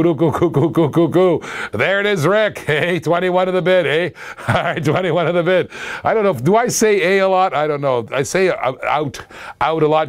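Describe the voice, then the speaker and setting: A man in his forties with a Canadian accent, hosting a live-streamed toy car auction in a playful, jokey way, laughing often and repeating his lines. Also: fairly high pitch. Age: 40s.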